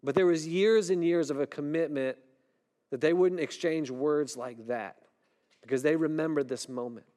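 A middle-aged man preaching a sermon in a conversational way, often asking "right?" and dropping his voice low and soft when a story turns tense. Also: normal speed. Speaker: pastor.

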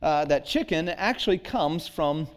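Guy in his 30s giving a sermon, kinda high voice, earnest and chatty, gets loud and pushy on the big points. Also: expressive, unhurried, slight background noise. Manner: earnest, conversational preaching with rising emphatic peaks. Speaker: pastor.

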